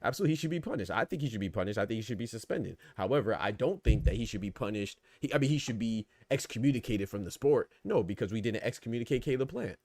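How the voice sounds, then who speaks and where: A man's voice: fairly low pitch, lively intonation, quick pace, few pauses, darkish tone, dry recording. A man hosting a boxing podcast, talking casually and with energy, asking rhetorical questions and reading out chat comments. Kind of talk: casual live-stream commentary.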